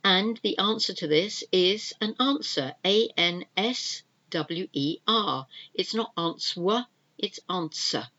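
A woman's voice: medium pitch, lively intonation, slow, hardly any pauses, bright, forceful tone, highs cut off. A woman hosting a language-learning podcast, pronouncing words carefully and spelling them out letter by letter. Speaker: podcast host, English teacher.

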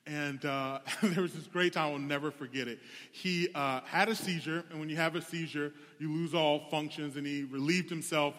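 A young man preaches in a relaxed, candid storytelling manner, his voice sitting a touch high for a man. The sound carries a long reverb, as if in a large hall. He talks to the congregation like he's chatting with friends. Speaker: pastor. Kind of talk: sermon.

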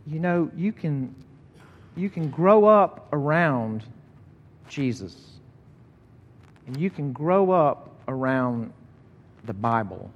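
A middle-aged male pastor preaching a sermon in an easy, conversational way that picks up energy when he tells a story. His voice sits a bit higher than most men's. It rings out with a long reverb across a large church hall. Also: expressive, takes it slowly, pauses often, lo-fi sound. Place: church sanctuary.

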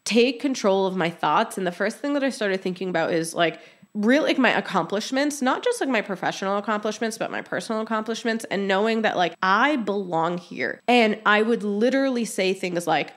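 A woman's voice: medium pitch, expressive, a little fast. A woman in her thirties hosting a podcast, talking casually and openly, full of "like" fillers and acted-out quotes. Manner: chatty, many "like" fillers, acts out quoted voices. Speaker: podcast host. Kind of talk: casual solo podcast talk.

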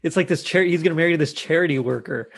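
A man with a husky, gravelly voice chats loosely about a TV episode. He laughs often as he retells the scenes. His voice sits a little high for a man. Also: fast, a bit bright. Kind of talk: casual chat recapping a TV episode.

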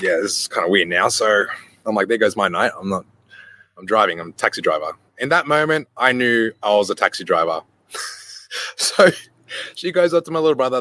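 A young adult man hosting a podcast, telling a casual story full of cursing, who jumps into quick voices for the people in his anecdote. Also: medium pitch. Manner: animated, swears freely, acts out voices in anecdotes. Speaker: podcast host.

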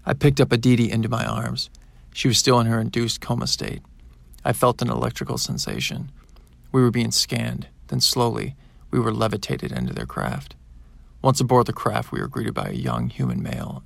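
Man narrating audiobook, first person, gravelly voice, very dry close sound. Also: mid-range voice, very animated, normal speed, no room sound.

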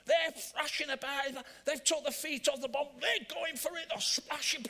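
High-pitched older man preaching. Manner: animated, swings between loud emphasis and soft, drawn-out phrases. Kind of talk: sermon. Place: church.

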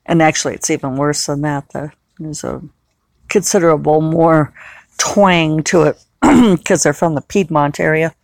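A woman's voice: sits low, fairly even intonation, measured pace, gravelly, a little mellow, no room sound. A woman novelist chatting casually on her own, rambling and often correcting herself. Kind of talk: casual solo podcast chat.

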